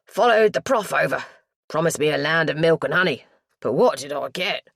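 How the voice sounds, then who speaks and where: Cheeky young Cockney man, loud and chatty, lower than the narrator's own voice; a woman doing him in an audiobook. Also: animated, normal speed, gravelly, dry recording, clean studio sound, heavily acted. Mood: cheeky banter. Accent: East London (Cockney). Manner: cheeky, loud, drops into thick slang. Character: cheery young male mortuary assistant, chatty.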